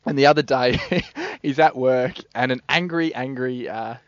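An Australian man co-hosts a casual radio chat at a middling pitch, spinning jokey stories and breaking into laughter often. The sound is dry and close, with a slightly dull, lo-fi tone. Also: normal speed, no echo. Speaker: radio co-host.

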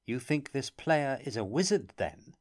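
Man reading nobleman, mocking, dismissive, higher voice. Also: normal speed, darkish tone, natural voice. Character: mocking male nobleman host. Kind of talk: audiobook character reading.

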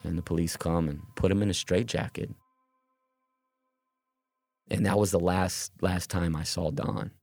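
A man with a low, deep voice retells a strange episode from his own life, stumbling over words and restarting sentences. Clear background music plays beneath his narration. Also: fairly even intonation, a little mellow, no room sound. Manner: earnest, halting retelling with restarts. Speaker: storyteller. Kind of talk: personal story narration.

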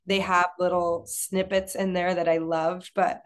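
A woman's voice: on the low side, little pitch movement, a little slow. A woman co-hosting a casual talk, speaking in a chatty way with many fillers and restarts. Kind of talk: casual chat.

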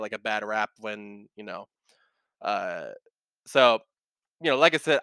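A man hosts a podcast in a loose, rambling chat, stopping and restarting his sentences and swearing casually. His voice is bright and very clear. The sound is dry and close, with no room around it. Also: mid-range voice, no echo. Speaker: podcast host.

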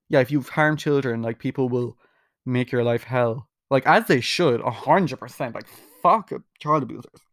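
A man's voice: mid-range voice, dry recording, studio quality. A young man hosting his own podcast, rambling casually, swearing freely and putting himself down, with lots of "like" fillers. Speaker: podcast host. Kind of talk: casual solo podcast monologue.

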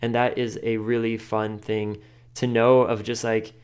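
A man hosting a podcast, giving casual advice in a chatty way, full of "like" and quick laughs. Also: fairly low pitch, flat delivery, clear, resonant tone. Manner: chatty, filler-heavy with frequent "like", laughs often. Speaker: podcast host.

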